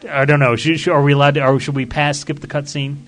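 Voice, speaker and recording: Guy hosting a game stream, rambly and chill, laughs a lot, reads chat out loud. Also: fairly high pitch, level tone, fast talker. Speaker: stream host. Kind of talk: casual live-stream chat over gameplay.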